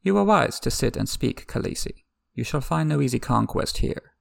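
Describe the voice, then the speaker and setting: Casting: oily, threatening envoy, read by a man, gravelly and lively. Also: medium pitch, normal speed, no room sound. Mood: smooth. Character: haughty male slaver envoy, smooth and threatening.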